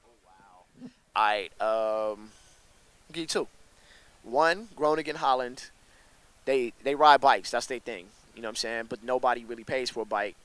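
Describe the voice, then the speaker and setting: A young man, a rapper, telling stories in a casual interview with a slangy, animated manner that jumps up in pitch when he gets excited. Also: normal speed. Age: young adult.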